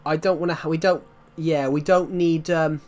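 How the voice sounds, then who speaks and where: A man's voice: on the high side, fairly even intonation, normal speed, a little mellow. A man with a West Country accent chatting casually to his viewers while playing a game, rambling and restarting his sentences. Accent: West Country English. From England. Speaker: streamer. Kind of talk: casual live-stream chat while playing.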